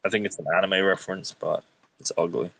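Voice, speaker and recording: Blunt man, lowish voice. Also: steady tone, fast talker, vocal fry, bright, forceful tone, slight background noise. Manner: swearing, blunt, joking storyteller. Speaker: stream guest. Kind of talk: casual chat.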